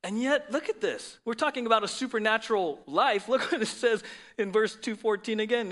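Bright-voiced male pastor preaching. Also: high voice, a little fast. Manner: conversational preaching, frequent "right?" asides. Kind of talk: sermon.

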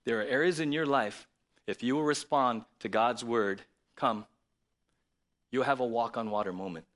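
A man preaching a sermon to his church, lively and conversational, reading scripture aloud and then explaining it. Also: mid-range voice, a little fast. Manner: lively, conversational preaching with sudden loud emphasis. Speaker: pastor.

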